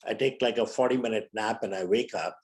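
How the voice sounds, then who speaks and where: A man's voice: fairly low pitch, a little fast. A man in his seventies from India, a physician and guest on an interview, telling stories and acting out the dialogue. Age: 70s. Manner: vivid storyteller who acts out quoted dialogue. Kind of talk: storytelling in a conversational interview.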